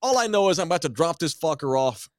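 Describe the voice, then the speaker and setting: High-voiced man telling a wild story. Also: fast, dry recording, studio quality. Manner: animated, profane, acting out the dialogue. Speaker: podcast host. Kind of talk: storytelling chat.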